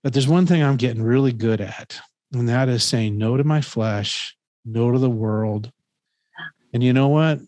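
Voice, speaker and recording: Fifty-something guy rambling earnestly, mid-pitch voice, dry sound, lots of ums. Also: unhurried, darkish tone, no room sound. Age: 50s. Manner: rambling, earnest storytelling with many fillers and restarts. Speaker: professor and podcast host. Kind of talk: casual conversational teaching.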